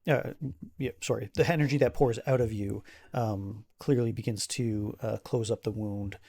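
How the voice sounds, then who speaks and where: Gravelly, halting game master. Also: male voice, fairly low pitch, fairly even intonation, mellow. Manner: casual, halting, many fillers, laughs often. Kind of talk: narrating a tabletop game.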